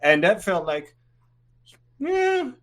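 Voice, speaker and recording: Chatty man, slightly high voice. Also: animated, normal speed, a bit bright. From Netherlands. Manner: rambling, fills speech with "like", laughs easily. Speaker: guest. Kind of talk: casual interview chat.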